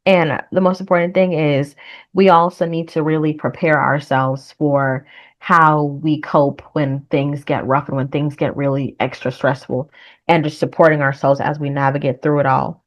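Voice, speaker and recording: A woman with a low, deep-set voice talks through her reaction to a trailer in a relaxed, chatty way. She speaks with earnest conviction and leans into encouraging, faith-tinged words when she signs off. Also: moderate pace. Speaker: reaction vlogger. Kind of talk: casual reaction commentary.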